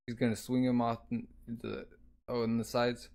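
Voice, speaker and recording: A man's voice: medium pitch, level tone, unhurried, darkish tone. A man casually reading a manga aloud, narrating the action and speaking the sound effects. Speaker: manga reader.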